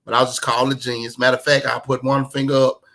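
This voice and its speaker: A man's voice: medium pitch, level tone, fast talker, creaky, a bit bright, poor audio. A man from Memphis with a Southern US accent, performing spoken word poetry in a rhythmic, emphatic rhyming delivery. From Memphis, Tennessee.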